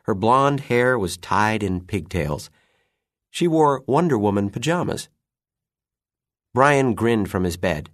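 A man reads a children's story slowly, with a lowish voice that moves a lot in pitch. The sound is close and dry. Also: no echo. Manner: unhurried expressive reading. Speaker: narrator. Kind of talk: storybook narration.

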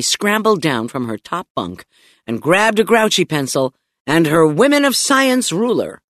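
A woman reading a children's audiobook with playful, animated storytelling. She takes her time, and her pitch swings widely from high to low. The sound is dry and close, from a studio mic. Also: a little slow, no room sound. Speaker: audiobook narrator. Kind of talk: expressive audiobook narration.

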